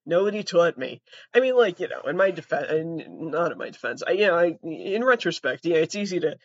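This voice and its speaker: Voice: mid-range voice, sing-song, fairly quick. A young adult trans comedy podcaster telling stories in a profane, rambling, self-mocking way. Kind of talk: comedic storytelling. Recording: dull, dry lo-fi audio.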